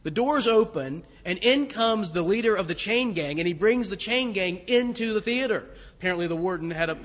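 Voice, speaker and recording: A man preaching a sermon in a relaxed storytelling way, chuckling at himself as he goes. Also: high voice. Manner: storytelling, conversational, self-deprecating with chuckles. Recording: long hall reverb.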